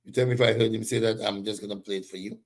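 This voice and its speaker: A man's voice: on the low side, fairly even intonation, racing. A man hosting a live political commentary show, talking in a heated, emphatic way and greeting viewers by name.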